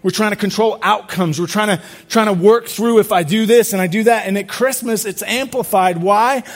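Male pastor, high voice, casual sermon delivery with lots of questions to the congregation. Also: normal speed. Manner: conversational, asks the crowd questions, repeats words.

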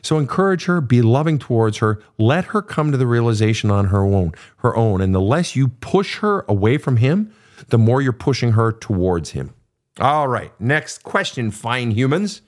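A man's voice: medium pitch, moderate pace. A middle-aged man hosting a podcast, giving blunt, profane advice to listener questions in a casual monologue. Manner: blunt, profane, animated storytelling.

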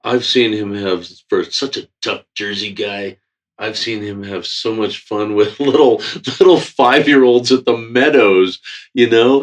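A man's voice: lowish voice, measured pace. Folksy man, dull distant sound. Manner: folksy, admiring. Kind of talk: casual interview chat.

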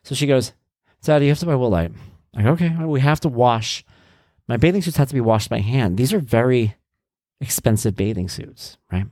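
A man's voice: mid-range voice, fairly quick, dry recording, studio quality. A middle-aged man telling casual stories about his kids, exasperated and acting out their lines. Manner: animated, exasperated, acts out his kids' lines. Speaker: divorced dad telling stories. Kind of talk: casual storytelling monologue.

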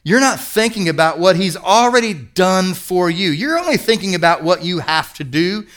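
A man's voice: high-pitched, expressive, moderate pace, a bit bright. A middle-aged man preaching a sermon as pastor, earnest and emphatic, repeating key words for weight.

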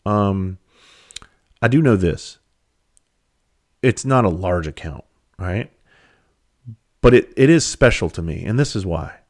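A man's voice: deep voice, expressive, takes it slowly, long pauses, a little mellow. A man from South Carolina, a comedian and speaker telling a loose, profane story in casual conversational style.

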